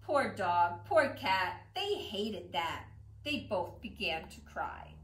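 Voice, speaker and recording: A woman librarian reading picture books aloud at storytime, expressive and rhythmic. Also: medium pitch, slow pace, a little hiss or hum. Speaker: children's librarian. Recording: echoey room.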